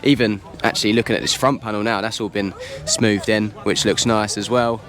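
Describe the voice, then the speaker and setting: A man's voice: lowish voice, fairly even intonation, fairly quick, a crowd in the background. An enthusiastic man, chatting casually as he walks around an outdoor car show, his voice slightly worn. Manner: enthusiastic, chatty, informal slang. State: slightly losing voice. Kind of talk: casual walkaround commentary.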